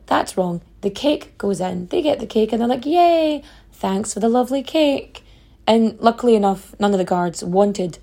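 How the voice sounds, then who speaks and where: A woman tells history stories on her podcast in a loose, chatty way. She wanders into personal asides and swears casually. Her voice is gravelly and a little husky, with a dark, mellow tone. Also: mid-range voice. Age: adult mother. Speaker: podcast host.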